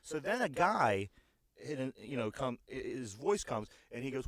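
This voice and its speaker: A man's voice: medium pitch, expressive, normal speed, no echo. A man with a Pittsburgh accent co-hosting a casual podcast, telling rambling stories with crude humor. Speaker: podcast co-host. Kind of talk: casual chat.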